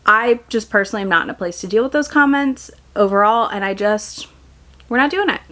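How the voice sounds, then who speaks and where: A woman's voice: mid-range voice, fairly quick, fairly bright tone. A woman making a commentary video, talking candidly and firmly, setting ground rules and then laying out a timeline. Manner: firm, candid, chatty with fillers. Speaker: book YouTuber.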